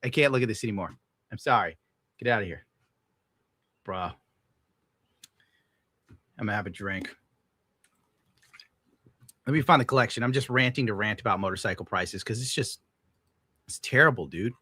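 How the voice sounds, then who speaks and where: A man's voice: normal speed, long pauses, sharp tone, breathy edge, no room sound. Sarcastic ranting man, close and dry. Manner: exasperated, sarcastic, swears often, bursts into high-pitched outrage. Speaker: podcast host. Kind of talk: casual livestream rant.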